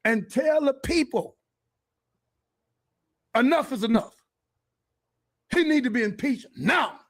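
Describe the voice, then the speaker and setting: A man hosting a podcast, delivering a fiery, profane, preachy monologue and breaking into shouts. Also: very high voice, lively intonation, slow. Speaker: podcast host. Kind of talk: heated monologue.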